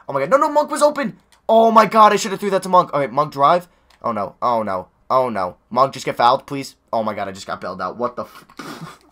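A young man giving nervous, excitable live commentary over a basketball video game, talking to his players on screen, his voice going hoarse. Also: medium pitch. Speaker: gaming YouTuber.

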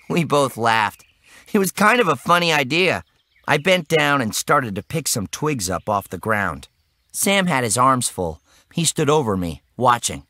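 Animated, bright-voiced male storyteller. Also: mid-range voice, a little slow, no echo. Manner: expressive and animated. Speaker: audiobook narrator. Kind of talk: scripted first-person narration.

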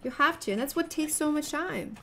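A young woman with a fairly high voice talks while she plays a game on a live stream. She chats rambling and giggly with her viewers and a teammate. Faint noise sits under her voice. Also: a little fast, gravelly, pushed and bright. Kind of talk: casual live-stream chat while gaming.

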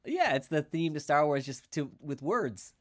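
A man's voice: a little high, very animated, moderate pace, heavy background noise. A middle-aged man hosting a school podcast, chatting casually and laughing at himself as he tells a story. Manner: laughing, self-mocking storyteller. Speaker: teacher and podcast host. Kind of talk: casual chat.

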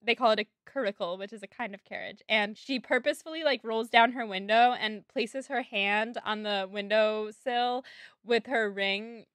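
A young woman co-hosts a book podcast in a bright, slightly high voice. She recaps the plot briskly and mocks the characters with sarcastic quotes. The recording is close and dry. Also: no echo. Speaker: podcast co-host. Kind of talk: casual book podcast chat.

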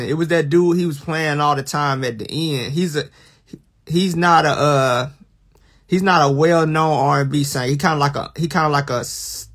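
A young man, talking casually and teasingly to viewers on a livestream. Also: fairly high pitch. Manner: teasing, animated, drawn-out bursts of mock alarm. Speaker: livestream host.

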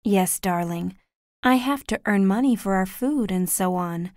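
A gentle, sorrowful mother from a storybook, voiced by a man. Her voice is raised in pitch and soft and tender. It is recorded dry and close. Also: a little slow, no echo. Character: gentle, sad mother of three.

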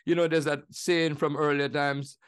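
A man in his seventies with a Jamaican accent, telling stories in an animated, laughing way as an interview guest. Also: on the high side, normal speed, clean tone. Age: 70s. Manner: animated, laughing, slips into impressions. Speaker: guest musician. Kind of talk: conversational storytelling interview.

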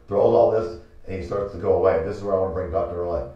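A man with a lowish voice preaches as he hosts a talk show, telling a Bible story and acting out each character's lines. The sound is dull and very roomy, picked up from some way off the mic. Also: fast talker, few pauses. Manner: animated storytelling, acting out quotes. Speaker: pastor and show host. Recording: echoey room, mic from a distance, dull sound.

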